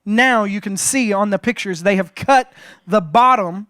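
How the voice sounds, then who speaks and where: Pastor guy with a high voice, joking around in his sermon, lots of restarts, dry sound. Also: measured pace, dry recording. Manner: animated, joking, frequent restarts. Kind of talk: sermon storytelling.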